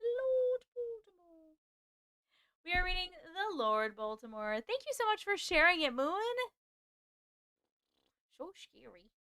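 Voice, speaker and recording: A woman's voice: very high-pitched, very animated, measured pace, long pauses, sharp tone, no room sound, studio quality. A woman hosting a live stream, chatting casually with viewers, laughing often and swearing now and then, then reading their stories aloud.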